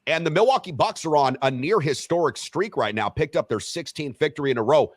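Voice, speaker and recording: A lively man hosting sports radio, his pitch jumping around as he teases and rants. He sits a little high for a man's voice and sounds close and dry on the mic. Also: fairly quick, no room sound. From Western Wisconsin. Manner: animated, teasing, lively delivery. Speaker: co-host of a sports radio show. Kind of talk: casual sports talk radio.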